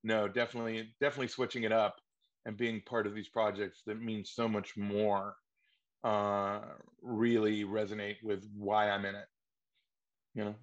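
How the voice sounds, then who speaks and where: A man's voice: on the low side, normal speed, lo-fi sound. A man, an actor being interviewed, telling anecdotes casually, laughing often and acting out the dialogue. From Wisconsin, USA. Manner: lively, laughs often, acts out quoted dialogue.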